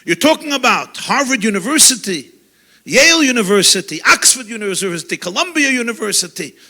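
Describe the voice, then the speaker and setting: A male rabbi preaches with fervor, his voice high and bright. He swings between loud, urgent outbursts and quiet, hushed passages as he speaks to a gathering. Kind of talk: sermon. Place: lecture gathering.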